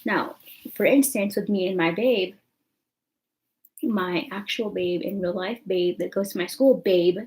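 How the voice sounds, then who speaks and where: A woman's voice: mid-range voice, measured pace, a little mellow, low-quality recording. Chatty young woman vlogging. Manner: chatty, rambling, full of fillers like "you know what I'm saying". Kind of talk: casual storytelling to camera.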